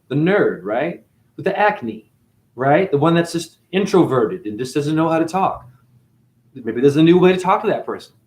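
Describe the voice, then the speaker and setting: A man hosting a casual livestream monologue to his chat, preachy and animated, swinging between loud outbursts and quiet muttering. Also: medium pitch, roomy sound.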